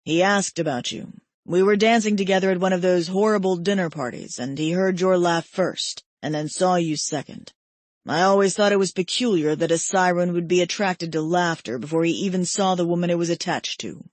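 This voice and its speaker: A woman narrator voicing a gentle, teasing male best friend in an audiobook, drawing out his words slowly. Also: on the low side, no room sound, natural voice.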